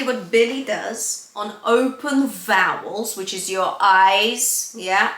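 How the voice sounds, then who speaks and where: A woman singer and vocal coach teaching a singing lesson in an upbeat way, switching into light breathy sung examples. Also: a little high, very slow, pushed and bright, slight background noise. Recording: echoey room.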